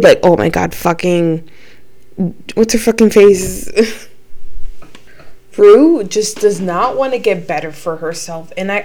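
Young woman, 20s, podcast host; loose chatty delivery, frequent cursing, mid-pitched voice. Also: darkish tone. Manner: chatty, swears a lot, many ums and likes. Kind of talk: casual chat.

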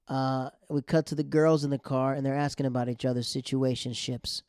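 Young male host, animated, slangy recap storyteller, warm mellow tone, close dry sound. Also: mid-range voice, a little fast, clean tone, no echo. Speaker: podcast host recapping a TV episode. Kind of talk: casual recap chat.

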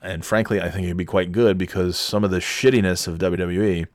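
Laid-back low-voiced podcast host. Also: male voice, fairly even intonation, a little fast, no room sound, studio quality. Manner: loose, profane, digressive. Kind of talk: casual solo podcast rambling.

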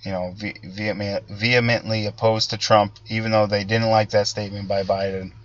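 A man hosting a casual political monologue, talking in halting bursts with many restarts and fillers. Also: fairly low pitch, level tone, muffled recording, a little hiss or hum. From Italian-American background. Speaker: political commentary host.

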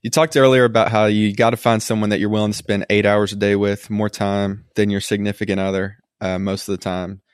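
A man co-hosting a podcast, asking a guest questions in a relaxed, friendly way. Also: fairly low pitch, a little fast, hardly any pauses, clean tone, dry recording, studio quality. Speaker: podcast co-host. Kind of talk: casual interview questions.

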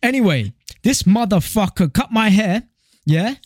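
Young male co-host, higher-pitched, crude animated storyteller, close dry mic. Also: a little slow, no echo. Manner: swears freely, animated storytelling. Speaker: podcast co-host. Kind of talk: casual chat.

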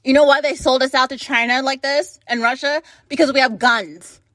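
Furious high-voiced woman ranting. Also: fairly even intonation, a bit bright, no echo. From United States. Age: late 20s. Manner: furious, profane, rapid-fire rhetorical questions. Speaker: vlogger. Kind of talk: angry political rant to camera.

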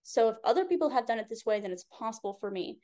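A woman business coach speaking as a podcast guest in a relaxed, candid way, with many casual fillers. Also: fairly high pitch, fast talker. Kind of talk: casual chat.

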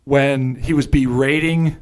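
A man co-hosting a casual movie podcast, chatty and quick to laugh. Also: mid-range voice, steady tone, darkish tone. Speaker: podcast co-host.

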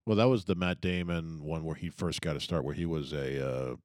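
Deep-voiced man, casual trivia talk, dry close mic. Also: a little fast, darkish tone, no echo. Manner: matter-of-fact, offers trivia. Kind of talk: casual podcast chat.

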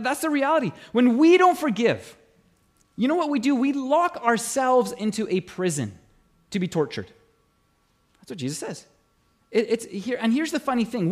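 Animated high-voiced male preacher. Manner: animated preaching with dramatic pauses and acted-out quotes. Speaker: pastor. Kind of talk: sermon.

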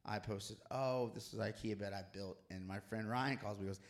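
A man co-hosting a casual church chat, an animated and playful storyteller. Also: lowish voice, normal speed. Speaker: co-host.

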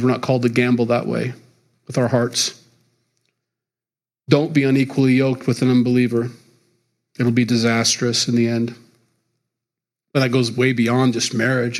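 A middle-aged man preaching a sermon as pastor, talking in a loose, conversational way and chuckling between points. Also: mid-range voice.

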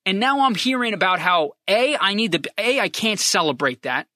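Fired-up male podcast host, swears freely, bright forceful tone. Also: high-pitched, moderate pace, dry recording, studio quality. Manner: profane, fired-up, repetitive emphasis; lively swings between loud and hushed. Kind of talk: impassioned sports fan rant.

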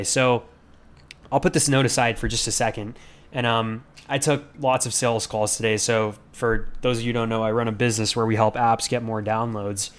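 A man's voice: medium pitch, clean tone. A man hosting a podcast, talking in an earnest, rambling way with many fillers and restarts as he reflects aloud. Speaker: podcast host. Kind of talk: casual reflective monologue.

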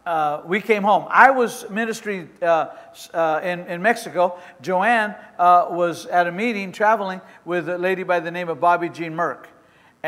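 A man pastor with a high, sharp, bright voice preaches to his congregation. He tells stories with halting restarts and rises to impassioned shouts. The sound rings with the long reverb of a church hall. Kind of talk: sermon. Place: church sanctuary with a responding congregation.

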